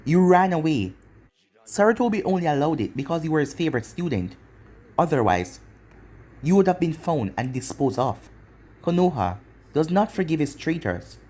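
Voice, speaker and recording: A man's voice: a little high, sing-song, moderate pace, warm tone. A man voicing an arrogant young male ninja turned traitor, smug and taunting, in a fan-made storybook reading.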